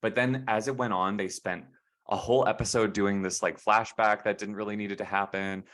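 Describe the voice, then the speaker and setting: A man's voice: lowish voice, fairly even intonation, a little fast, fairly bright tone. A young man co-hosting a podcast in casual chat, rambling and hesitant with many fillers and restarts. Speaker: podcast co-host.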